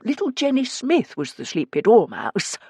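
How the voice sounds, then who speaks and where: A man's voice: high-pitched, huge pitch swings, moderate pace, darkish tone, slightly rough, no echo, clean studio sound, voice pushed up, heavily acted. A woman putting on a fussy, doting man. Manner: anxious, doting, easily scandalised. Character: fussy, kindly, worried older man.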